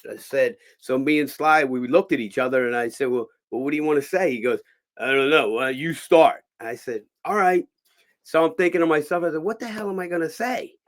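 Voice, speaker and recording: A man's voice: fairly high pitch, brisk. A middle-aged man, a boxing promoter, telling behind-the-scenes stories in a casual podcast chat and acting out the dialogue. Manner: animated anecdote teller, acts out quoted dialogue.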